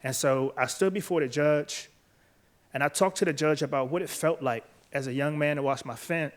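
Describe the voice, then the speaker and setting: A man, earnest and measured, telling his own story on stage to an audience. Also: medium pitch. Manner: earnest, measured, quiet at emotional moments. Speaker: author and speaker. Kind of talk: personal storytelling talk, then interview answers. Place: event stage before a live audience.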